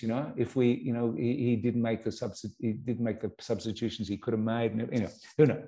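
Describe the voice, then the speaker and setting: An Australian man in middle age, telling his stories as a guest in a casual interview. His voice is warm and mellow at an ordinary pitch. He tumbles through his anecdotes with animated restarts and repeated words. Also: fairly quick.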